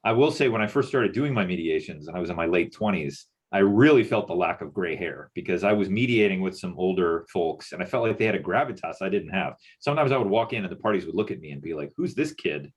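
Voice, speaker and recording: A man's voice: sits low, expressive, fast, hardly any pauses, breathy edge. A middle-aged man from Texas presenting in a panel discussion over a video call, musing aloud with lots of fillers. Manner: musing, loose with many fillers.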